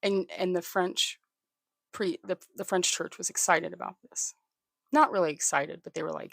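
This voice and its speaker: A livestream host tells a history story in a strongly gravelly, fry-heavy voice that sits in a middle pitch range. The delivery is halting, with frequent restarts and repeated words. The sound is dry and close, with no room echo. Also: fairly even intonation, a bit bright. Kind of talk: casual live storytelling, thanking viewers.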